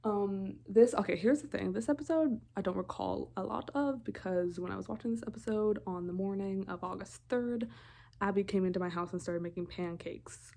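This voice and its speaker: A young woman rattles through a TV show recap in a relaxed vlog voice. She is chatty and meandering, and often cuts herself off to correct a detail or remember something. Her pitch sits right in the middle of the usual range. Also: a little hiss or hum. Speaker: vlogger.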